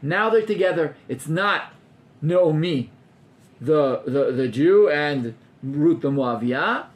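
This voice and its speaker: A man's voice: fairly high pitch, lively intonation, slow. A man, a rabbi teaching an informal class to students, talking animatedly and acting out scenes with gasps while mixing in Hebrew terms.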